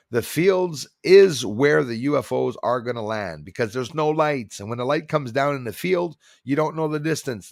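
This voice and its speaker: Man, middle-aged, gravelly voice, dry close sound, rambling livestream chat, reads viewer comments aloud. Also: fairly low pitch, no echo. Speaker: livestream host.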